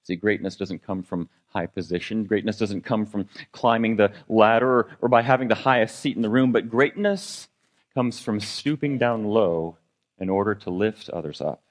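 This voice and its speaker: Man preaching a conversational sermon. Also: moderate pace. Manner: conversational preaching with congregation questions; fillers and restarts, dynamic pitch and volume. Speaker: pastor.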